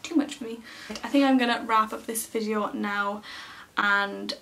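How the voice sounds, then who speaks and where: Gravelly and sharp, her medium-pitched voice holds a steady tone at a moderate pace. The young woman vlogs casually from a small, cluttered room at home, chatting to the camera with plenty of fillers as she relays what people said. Faint room noise is present, and she sounds somewhat distant.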